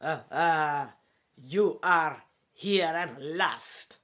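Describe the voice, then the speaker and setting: A grave male vampire drawls each word with rich, deep, theatrical menace, as a woman puts him on. He speaks slowly and loudly, as if savouring every syllable, a little back from the microphone. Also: animated, full character voice. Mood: ominous. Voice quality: rich, deep, drawn-out delivery. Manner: slow, grand and theatrical.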